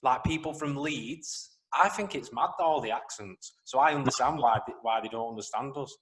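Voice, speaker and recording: Brief: young northern English male co-host, casual podcast banter, earnest and animated. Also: mid-range voice, moderate pace. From northwest England, near Wigan.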